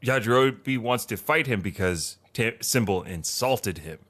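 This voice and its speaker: A man chats and jokes on a podcast with a lively, up-and-down voice. His talk is loose and playful, full of quick asides. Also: fairly low pitch. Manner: animated, playful, jokey. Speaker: podcast co-host. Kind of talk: casual chat.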